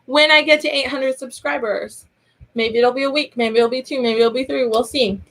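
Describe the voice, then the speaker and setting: A woman's voice: high-pitched, fairly even intonation, moderate pace, a bit bright. A woman in her thirties with a sore throat, hosting a casual live-stream chat, rambling and laughing often. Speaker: online teacher and channel host.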